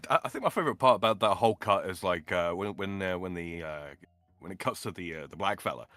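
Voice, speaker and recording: A low male voice with a bright, forceful edge, stopping and restarting with many fillers. He is a podcast co-host trading jokes in casual chat. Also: expressive, no room sound. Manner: halting, filler-heavy.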